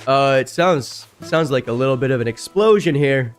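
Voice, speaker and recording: A male streamer reading online stories aloud and reacting casually between lines, chatty, with loud outbursts that leap high in pitch. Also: moderate pace, clean tone.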